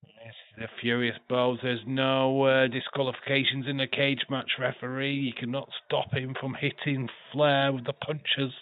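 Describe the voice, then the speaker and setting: A man's voice: mid-range voice, flat delivery, normal speed, dry recording. Man streaming casual wrestling commentary, phone-like sound. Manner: chatty, profane, laughs often. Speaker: watch-along streamer. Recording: tinny phone-like dry sound.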